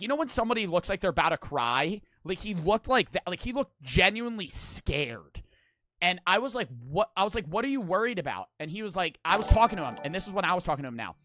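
A man's voice: high voice, pushed and bright, no room sound. A young man streaming, telling a story casually, rambling and swearing a lot.

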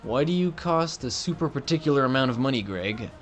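Excitable man gaming. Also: mid-range voice, fairly quick, soft background music. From Canada. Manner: excitable, profane, joking. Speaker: gaming commentator. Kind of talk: let's play commentary.

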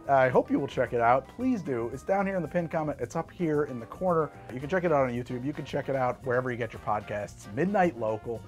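Lively middle-aged man showing cocktails. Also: medium pitch. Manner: animated, chatty, swears freely. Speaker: host making cocktails. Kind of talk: casual cocktail tutorial.

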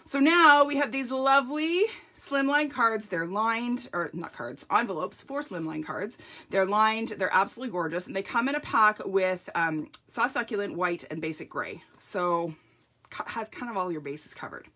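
A woman with a sniffly nose and a slightly croaky voice, chatting through a live crafting tutorial and laughing often. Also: mid-range voice, animated, normal speed, pushed and bright. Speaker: papercraft demonstrator.

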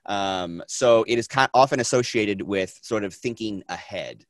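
A man teaches a film class, his voice sitting on the lower side. He talks in a chatty, energetic way, circles back on his phrases and pads them with fillers. The sound is dry and close, with almost no room. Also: normal speed, no echo. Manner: energetic, chatty, repeats himself, many fillers. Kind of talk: classroom lecture.

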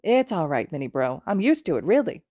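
A woman's voice: low-pitched, sing-song, brisk, dark tone, no room sound, clean studio sound. A woman voicing a cheerful, goofy teenage boy with a playful manner.

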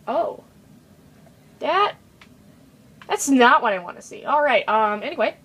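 Excitable young woman narrating her game. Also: fairly high pitch, unhurried, pauses often, slightly rough, poor audio. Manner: chatty, excitable, jumping between loud outbursts and mumbles. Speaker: gaming video host. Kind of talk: casual gameplay commentary.

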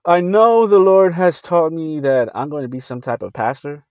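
A man on a Christian video channel recounting his dreams in a casual, halting way, with many fillers and restarts. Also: fairly high pitch, no room sound, highs cut off.

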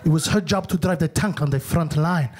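A man voicing an older uncle, slow and deadpan. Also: on the high side, pitched below the performer's own voice, lightly acted. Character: gruff older male uncle, deadpan, menacing.

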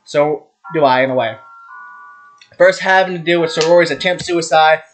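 A man's voice: on the high side, fairly bright tone. A young man reading a visual novel aloud, stumbling over names and swearing at his own slips. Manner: reads fast, stumbles on names, swears and laughs at himself. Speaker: gaming YouTuber. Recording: game music behind the voice. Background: background music.

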